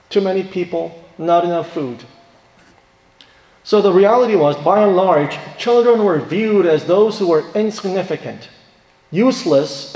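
A man's voice: high voice, darkish tone. Man preaching in an echoing hall. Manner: emphatic, rhetorical questions, acts out quoted voices. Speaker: pastor. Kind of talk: sermon. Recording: roomy hall with long reverb.

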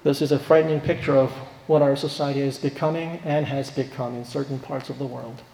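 A man preaching a sermon, asking rhetorical questions and stressing key points, then dropping to quiet asides. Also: medium pitch, fairly even intonation, brisk, vocal fry. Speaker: pastor. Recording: echoey hall reverb.

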